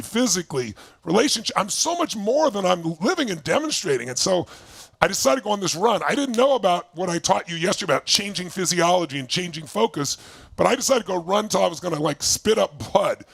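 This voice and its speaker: A man in his sixties with a high, gravelly voice gives an animated motivational talk, acting out past conversations as he tells his story. The sound is dry and close, with almost no room echo. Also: a little fast. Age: 60s. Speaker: motivational speaker. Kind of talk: motivational talk to an online audience. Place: home basement.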